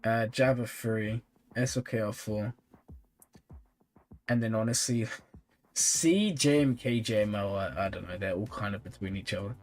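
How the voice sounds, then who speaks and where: Low-voiced and measured, pausing often, a worn-out streamer reviews game accounts sent in by his viewers. Faint music runs underneath as he casually reads chat messages, answers questions, and lets out small laughs.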